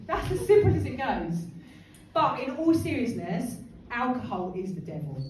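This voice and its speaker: A woman leading a workshop, chatty and animated, asking the group questions and laughing often. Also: on the high side, normal speed, slight background noise. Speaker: empowerment speaker running a workshop. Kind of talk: lively workshop talk to a group. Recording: echoey hall from far off, crowd behind.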